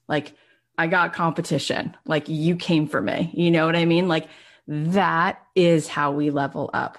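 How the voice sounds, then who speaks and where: A woman, hosting a motivational podcast and telling stories quickly and with energy. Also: deep voice. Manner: animated, rapid storytelling with many "like" fillers. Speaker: podcast host and coach. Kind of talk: casual motivational chat.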